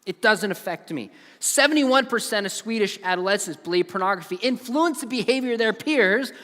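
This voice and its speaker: A man's voice: high voice, lively intonation, fairly quick, fairly bright tone. A man in his forties giving an earnest, emphatic conference talk to students, telling stories to make his points. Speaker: conference speaker. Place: large conference hall. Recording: long hall reverb.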